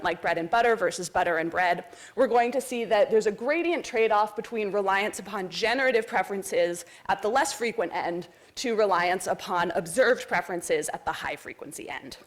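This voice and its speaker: A woman presenting research at an academic conference, explaining step by step in a clear, methodical way with many examples. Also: mid-range voice. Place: lecture hall.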